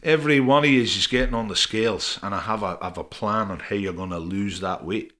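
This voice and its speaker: A man's voice: lowish voice, fairly quick, a bit bright, close to an everyday voice. An Irish man putting on a Scottish accent to play a bossy football manager barking orders at his players. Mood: commanding.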